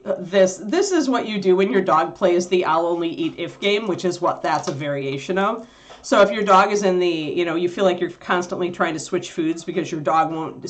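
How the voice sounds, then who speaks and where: A woman from Wisconsin hosting a casual livestream, chatting and talking to her puppy along the way. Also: lowish voice. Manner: chatty, animated, talks to her dog. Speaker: host.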